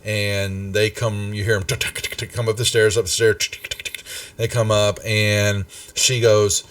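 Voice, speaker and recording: A man's voice: fairly low pitch, level tone, moderate pace, a bit bright, far from the mic. A man narrating as game master for a tabletop game, rambling with many fillers and restarts.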